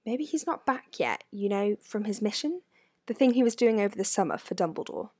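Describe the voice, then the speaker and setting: A woman's voice: sing-song, normal speed. A woman voicing an earnest, guarded teenage boy wizard in a storybook reading, speaking firmly. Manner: firm, low-key delivery.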